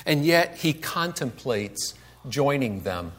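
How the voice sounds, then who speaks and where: A man's voice: medium pitch, big pitch swings, slow pace, fairly bright tone. A man giving a conversational sermon to a congregation, asking rhetorical questions and acting out the complaints he quotes. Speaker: pastor.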